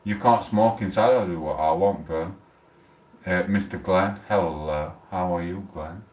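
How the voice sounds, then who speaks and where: South yorkshire bloke livestreaming, swears a lot, lowish voice, echoey room, sat back from the mic. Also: male voice, a little slow, a little mellow, recorded from a distance. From England. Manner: blunt, swearing, mock-outraged ranting. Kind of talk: casual livestream chat.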